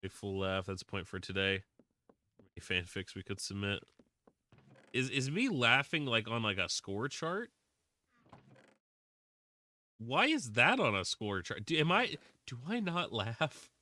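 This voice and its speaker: A man's voice: on the low side, big pitch swings, measured pace, pauses often, sharp tone. A man with a Southern US drawl, chatting casually on a live game stream, rambling and reading viewers' comments aloud. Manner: rambling, restarts often, reads chat aloud. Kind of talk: casual live-stream chat while playing.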